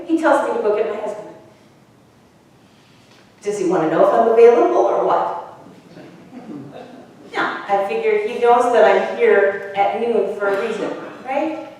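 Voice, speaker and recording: A woman's voice: sits high, a little mellow. A woman pastor with an Upper Midwest accent, performing a first-person sermon monologue as a weary, bold outcast woman at a well, telling her story in a wry, conversational way. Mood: aggrieved. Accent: Upper Midwest American. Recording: echoey hall from far off.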